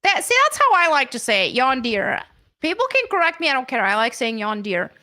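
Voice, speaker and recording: An American woman streaming live from home, chatting excitedly as she unboxes collectible figures at her desk mic. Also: sits high, quick pace. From United States. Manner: excitable and gushing, with gasps and laughs.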